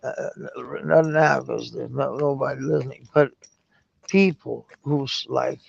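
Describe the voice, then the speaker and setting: A man talks in a slow, halting ramble, restarting words and trailing off with the odd curse. His voice is deeply gravelly and husky, sitting a touch high for a man. The recording sounds dull and lo-fi. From Denmark. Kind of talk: rambling live-stream monologue.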